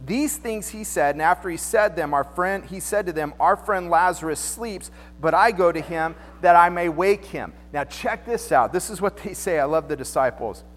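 A male pastor preaching in a loose, joking, conversational way, acting out the people he quotes. His voice sits high for a man. The sound rings with long reverb from a big church hall. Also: moderate pace, hardly any pauses, faint music behind. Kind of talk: sermon.

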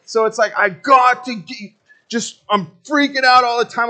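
Man, pastor, casual sermon, animated, reads scripture then explains, slightly high voice. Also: takes it slowly. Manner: conversational and animated, acting out his own impatience.

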